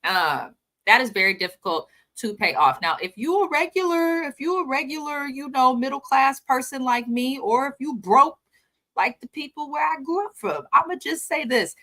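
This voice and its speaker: A woman's voice: high-pitched, expressive, moderate pace, sharp tone. A woman co-hosting a casual gossip show about reality TV, sassy and emphatic in her delivery. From California. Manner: sassy, dramatic mock prayer, emphatic. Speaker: co-host.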